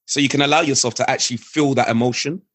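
Husky, earnest man, dry close sound. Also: medium pitch, fairly even intonation, fast, fairly bright tone, no echo. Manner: earnest, reflective, repeats key phrases for emphasis. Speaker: guest, father. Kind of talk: candid conversational interview.

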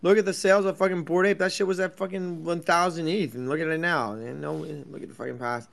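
A young man hosting a crypto talk stream, rambling and swearing in loud, jumpy, sarcastic banter from an office at night. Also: a little high, fairly even intonation, fast, vocal fry. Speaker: crypto space host.

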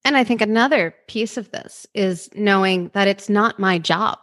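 A woman's voice: medium pitch, moderate pace, fairly bright tone. A woman co-hosting a conversational talk, thoughtfully adding her own points.

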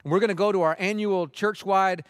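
A man with a fairly high voice delivers an impassioned sermon from the pulpit. The sound is dry and close, with no room around it. He swings from urgent, pleading intensity to soft, hushed appeals. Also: steady tone, normal speed, no room sound. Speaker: pastor.

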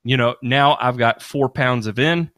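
A man's voice: medium pitch, unhurried, fairly bright tone, no echo. A man hosting a podcast, explaining in casual, rambling talk full of restarts. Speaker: podcast host. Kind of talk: casual expert chat.

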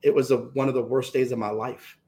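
A man's voice: mid-range voice, little pitch movement, brisk, a little mellow. A man, a guest author, telling an emotional story from his own life and acting out the voices of the people in it.

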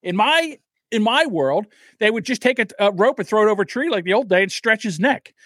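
A man's voice: sits high, lively intonation, a little fast, a bit bright, dry recording, studio quality. A man co-hosting a podcast, ranting heatedly and swearing often in casual chat. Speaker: podcast co-host.

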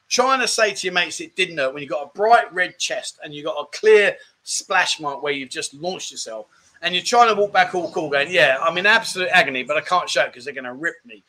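A man's voice: a little high, pushed and bright. A middle-aged British man hosting a casual live-stream chat show, reading viewer comments in a jokey, rambling way and calling people mate.

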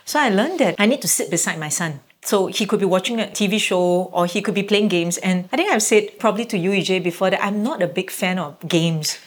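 A woman's voice: mid-range voice, brisk, few pauses. A middle-aged woman, a guest parent telling stories casually and acting out quoted reactions. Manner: animated, acts out quoted reactions. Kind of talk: casual conversational storytelling.

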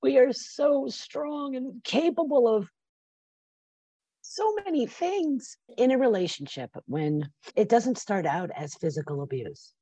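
A woman's voice: fairly high pitch, lively intonation, a little slow, mellow, slightly rough, dry recording. A woman in her fifties speaking as a podcast guest, passionate and emotional, sometimes teary and laughing. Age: 50s. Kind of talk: podcast interview.

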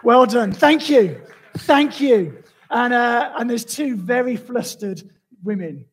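A man preaching a sermon as pastor, telling a story in a lively, conversational way. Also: very high voice, slow pace, slightly rough, low-quality recording.

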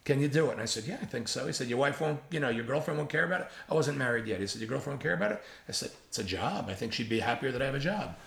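A comedy writer in his seventies rattles off casual stories very fast and with hardly any pauses, his medium-pitched voice gravelly. He's a lively teller, imitating others and swearing frankly, all in an echoey room.

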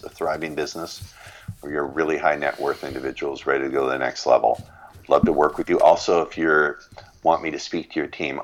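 A middle-aged man, a business consultant, giving an expressive interview as a guest, laughing often and spelling out names and words. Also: extremely low pitch, poor audio. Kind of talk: interview conversation.

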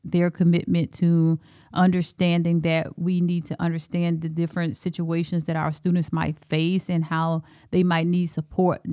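A woman's voice: fairly low pitch, mellow, no echo, studio quality. Earnest woman with an Alabama accent. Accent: Southern US (Alabama). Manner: earnest, measured storytelling. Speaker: school superintendent, guest. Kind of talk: podcast interview.

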